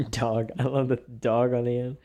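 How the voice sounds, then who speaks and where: A young man co-hosting a casual chat podcast, laughing often and telling stories with lively voices. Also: mid-range voice, moderate pace. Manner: laughs often, animated storytelling. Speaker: podcast co-host.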